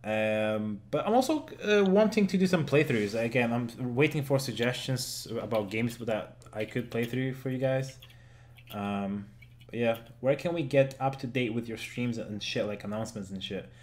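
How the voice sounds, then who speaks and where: In his 20s and from Germany, with German as his first language, this game streamer hosts a laid-back gaming podcast full of jokes, frequent laughter and casual swearing. His medium-pitched voice is a little mellow and moves at a moderate pace.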